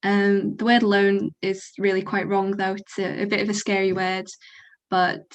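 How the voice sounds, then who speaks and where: A young woman student on a panel, explaining practical matters in an earnest, informative way. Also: mid-range voice. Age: young adult. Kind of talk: casual panel discussion.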